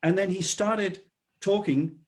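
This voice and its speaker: A man with a slightly higher voice speaks over a video call. He tells anecdotes in an easy, chatty way and lets his sentences trail off softly at the end. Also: fairly even intonation, a little slow. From England. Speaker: guest drummer.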